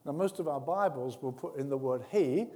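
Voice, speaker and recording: Earnest high-voiced male preacher in a hall. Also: normal speed. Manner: earnest, swings between soft intimate tones and loud emphatic bursts. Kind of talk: sermon. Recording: long reverb of a large hall.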